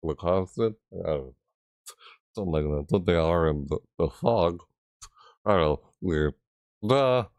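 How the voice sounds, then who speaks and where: A man's voice: low-pitched, a little slow, long pauses, a little mellow, no echo, studio quality. A man giving casual, rambling game commentary, thinking aloud and hesitating often. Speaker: gaming video creator.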